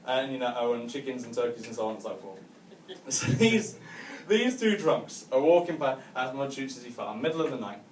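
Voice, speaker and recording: A Cumbrian stand-up comedian from northwest England tells a rambling story to a live audience in a hotel function room, laughing at his own jokes and tagging lines with "right?". His mid-range voice is sing-song and fairly quick, recorded from a distance in an echoey room with slight hiss or hum.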